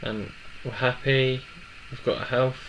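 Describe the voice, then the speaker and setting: A young man in his twenties telling a personal story in a halting, emotional way with many restarts. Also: medium pitch, little pitch movement, fairly bright tone, a little hiss or hum, rough recording. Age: 20s. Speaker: vlogger.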